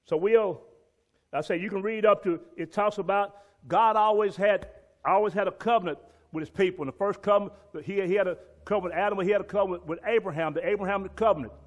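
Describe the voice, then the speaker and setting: A man's voice: high-pitched, fast talker. A man teaching a Bible lesson and reading scripture aloud, emphatic and repeating key words for stress.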